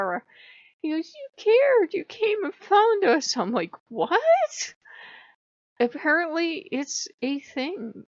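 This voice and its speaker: A woman talking to camera at home as a Wiccan vlogger, telling a story in a casual, animated way and laughing often. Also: mid-range voice, vocal fry, no room sound. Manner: animated, laughs often, voices her own quoted outbursts. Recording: dull, dry lo-fi sound.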